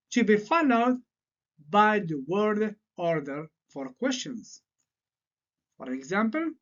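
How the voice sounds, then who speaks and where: A man whose first language is French, teaching an English grammar lesson and laying out word-order patterns slowly and deliberately. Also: high voice, fairly bright tone. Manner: slow, deliberate explaining with repeated patterns. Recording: slightly dull lo-fi sound.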